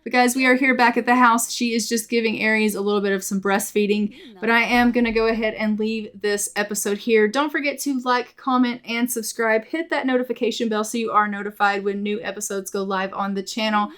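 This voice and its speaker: A woman hosts a casual let's play of a life-sim game, narrating what happens on screen. She talks in a chatty, upbeat way with a fairly high voice. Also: steady tone, fairly quick, few pauses, fairly bright tone. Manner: chatty, upbeat, repeats filler phrases.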